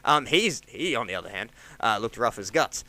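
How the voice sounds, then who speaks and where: A man's voice: normal speed, dry recording. An Australian man in his thirties, a stand-up comedian telling rambling stories on a podcast and acting out what people said. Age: 30s. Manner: rambling, animated, acts out quotes with jumps in pitch. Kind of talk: casual storytelling chat.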